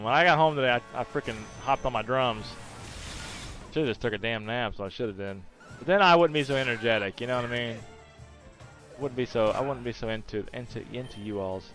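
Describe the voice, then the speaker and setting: A man streaming a video game, chatting casually with his viewers, joking crudely and now and then bursting into loud hyped shouts. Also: mid-range voice, quick pace, soft background music. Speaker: gaming streamer.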